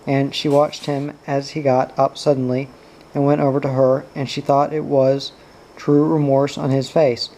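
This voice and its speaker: Guy narrating a novel, steady and even, warm low tone. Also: moderate pace, poor audio. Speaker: audiobook reader. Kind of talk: novel reading.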